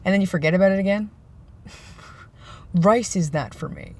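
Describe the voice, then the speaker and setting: A man's voice: high voice, moderate pace. Male vlogger, loose rambling chat, dry sarcastic humor. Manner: rambling, self-described sarcastic joker. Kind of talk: casual vlog monologue.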